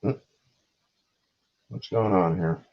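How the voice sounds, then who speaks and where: A man's voice: low-pitched, slow, creaky. A man hosting a casual chat about movies, rambling and retelling scenes with acted-out lines. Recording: dull lo-fi sound.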